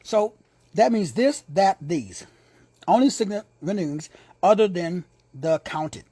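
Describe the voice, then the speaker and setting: A male Bible teacher delivers an emphatic lesson, repeating his key words and tossing in casual street asides. His voice is husky and fairly high, with lots of movement in pitch. It is recorded close and dry, with no room sound. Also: animated, slow, mellow, no room sound. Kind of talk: teaching sermon.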